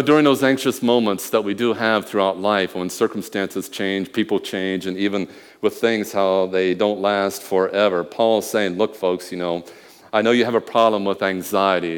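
A man preaching a sermon, telling a personal story with quiet murmurs and loud emphatic bursts. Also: sits low, fairly even intonation, normal speed, clear, resonant tone. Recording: long hall reverb.

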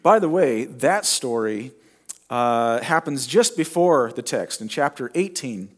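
A middle-aged male pastor preaching a sermon, retelling a story in a conversational way with dramatic pauses. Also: mid-range voice, animated.

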